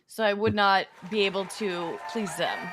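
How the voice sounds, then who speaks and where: A woman's voice: medium pitch, normal speed, heavy background noise. A woman co-hosting a podcast, wry and blunt in casual chat. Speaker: podcast co-host.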